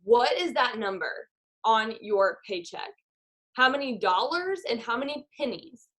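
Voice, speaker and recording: A woman's voice: on the high side, animated, a little slow, a bit bright. A woman, a network marketing leader giving an upbeat motivational talk over a video call. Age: 20s. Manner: upbeat, guides a visualization.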